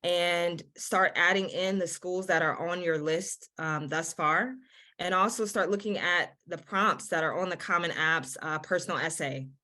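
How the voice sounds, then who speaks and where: Over a video-call webinar, a woman admissions counselor offers students earnest, encouraging advice in a lowish, sharp-toned voice. She speaks unhurriedly, often restarting and repeating words as she goes.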